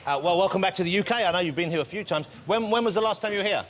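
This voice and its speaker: A man's voice: high-pitched, rapid-fire, a loud crowd, very noisy. A man hosting a TV chat show, joking and teasing his guests and laughing often. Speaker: talk show host. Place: TV studio with live audience.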